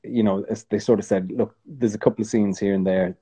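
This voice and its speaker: Dark-voiced Irish man chatting. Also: lowish voice, brisk, breathy edge. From Ireland. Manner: relaxed, rambling, many fillers and restarts. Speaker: guest. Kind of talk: casual interview chat.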